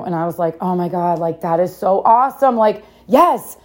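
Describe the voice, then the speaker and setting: A woman's voice: medium pitch, lively intonation, normal speed, a little mellow. A woman in her thirties telling a story casually to camera, laughing often and acting out the voices of the people she quotes. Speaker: parenting vlogger.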